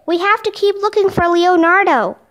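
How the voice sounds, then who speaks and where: A woman's voice: very high voice, a bit bright. A woman voicing a cautious, worried young boy who talks anxiously in a storybook reading. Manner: anxious and hurried.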